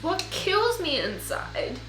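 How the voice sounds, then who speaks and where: A young woman recording a personal video diary, speaking in an emotional, halting way while tearful. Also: very high voice, sing-song. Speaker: vlogger. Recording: echoey room with faint music.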